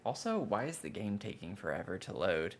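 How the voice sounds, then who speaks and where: A man's voice: lowish voice, big pitch swings, a little fast, a little hiss or hum. A man casually chatting through a building game on a livestream, complaining about bugs and groaning when things go wrong. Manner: chatty, frustrated, prone to dramatic groans. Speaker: game streamer.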